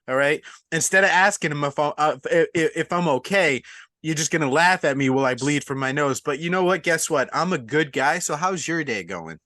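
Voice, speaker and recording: A young man with a bright, forceful voice in a dry, close recording. He talks casually and keeps the segment moving, slipping into mock-sarcastic rants. His pitch sits a little above average. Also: lively intonation, a little fast, no room sound. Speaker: podcast co-host. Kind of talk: casual podcast chat.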